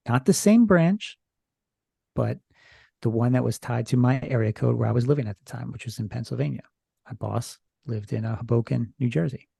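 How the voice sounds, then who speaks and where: A man with a gravelly, husky voice tells a story in a loose, rambling way, pausing often. His tone is dark and mellow, and the sound is close and dry. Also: medium pitch, no echo. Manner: rambling, hesitant retelling from notes. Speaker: podcast guest. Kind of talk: casual storytelling chat.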